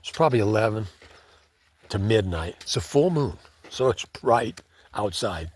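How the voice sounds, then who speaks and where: A man's voice: on the low side, expressive, a little slow, a little mellow, slightly rough. A man telling a story in a laid-back, conversational way, often saying "man". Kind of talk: casual spoken storytelling.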